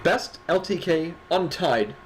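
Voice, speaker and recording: A man's voice: on the high side, animated, slow, slight background noise, rough recording. A man co-hosting a livestreamed awards show, chatting casually with sarcastic jokes and casual swearing. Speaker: stream co-host. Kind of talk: casual stream chat.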